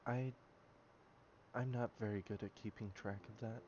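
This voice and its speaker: A man's voice: on the low side, fairly even intonation, normal speed, background noise, natural voice. A man voicing a hesitant, worried woman. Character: gentle worried young woman adventurer. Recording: muffled lo-fi with music behind.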